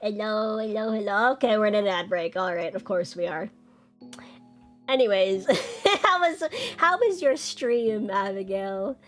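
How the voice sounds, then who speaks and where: A woman's voice: medium pitch, expressive, unhurried, faint music behind. A young woman streaming, chatting casually and bubbly, jumping up into squeals when she greets her chat.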